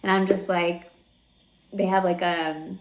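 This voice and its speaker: A woman's voice: lowish voice, flat delivery, slow pace. Candid young woman telling her story. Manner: chatty and candid, full of fillers, emotional. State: close to tears at moments. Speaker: vlogger. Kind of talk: personal vlog storytelling.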